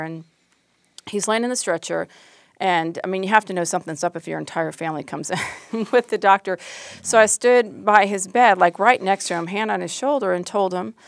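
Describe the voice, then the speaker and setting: A woman's voice: lowish voice, brisk, dry recording. A middle-aged woman, an emergency room doctor, telling a story in conversation with frequent fillers and restarts. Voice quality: hesitant, many fillers and restarts.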